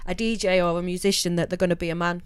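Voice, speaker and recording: Woman DJ co-host, blunt jokey talk, smooth voice close to a dry mic. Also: fairly low pitch, flat delivery, quick pace, no room sound. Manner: blunt and joking. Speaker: radio co-host and DJ. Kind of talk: casual chat.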